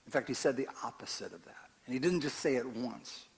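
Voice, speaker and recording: Older pastor preaching conversationally. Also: male voice, medium pitch, brisk, creaky. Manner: conversational preaching, swings from quiet asides to loud emphatic scripture reading. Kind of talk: sermon.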